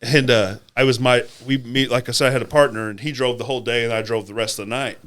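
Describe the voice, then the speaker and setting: Brief: male podcast co-host, mid-pitched, cursing freely, rambling road stories. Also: fairly even intonation, quick pace, fairly bright tone. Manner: profane, rambling, laughing storyteller. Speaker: podcast co-host, truck driver. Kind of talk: casual storytelling chat.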